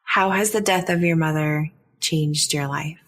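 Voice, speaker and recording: A woman hosting a podcast, asking gentle, probing questions. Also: low-pitched, unhurried. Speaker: podcast host. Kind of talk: podcast interview.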